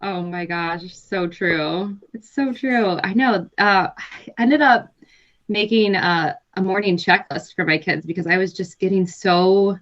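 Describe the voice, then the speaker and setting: A woman in her thirties, a nurse and health coach, chatting relaxed in an interview, laughing often and pausing to think. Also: mid-range voice, lo-fi sound. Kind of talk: casual interview chat.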